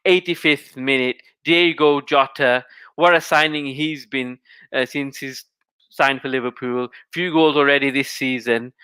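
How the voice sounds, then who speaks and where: A man calling a football match live, in a bright, ringing voice that sits a little high. His delivery is crisp and clean, tracking each pass in short running phrases. The sound is dry and close with no room around it. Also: dry recording. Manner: rapid running play-by-play, rising to excited shouting at goals. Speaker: football commentator. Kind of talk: live play-by-play commentary.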